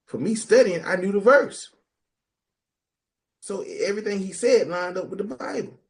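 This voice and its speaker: Lively, animated man in casual talk. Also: high voice, normal speed, vocal fry. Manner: animated, jokey, mimics people in quoted voices. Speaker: podcast co-host. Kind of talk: casual group talk on scripture.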